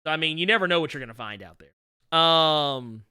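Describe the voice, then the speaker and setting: Male stream host, slightly high and very animated voice, jokey casual chat with big laughs. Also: normal speed, clear, resonant tone, dry recording, clean studio sound. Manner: jokey, bursts into loud laughter. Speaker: comics livestream host. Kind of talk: casual chat answering viewer questions.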